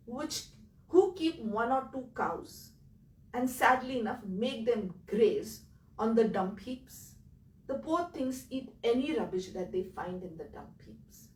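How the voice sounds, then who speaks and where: A woman with an Indian accent, telling her own story in an earnest, emotional way that swings between loud and quiet. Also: on the high side, reverberant, far from the mic, low-quality recording. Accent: Indian English. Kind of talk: personal storytelling talk.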